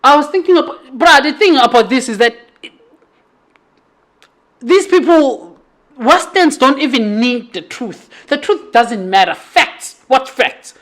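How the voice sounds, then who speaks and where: A woman's voice: sits high, expressive, unhurried. A South African woman with a South African accent, giving a heated, profane podcast monologue full of rhetorical questions and emphatic repetition. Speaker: podcast host.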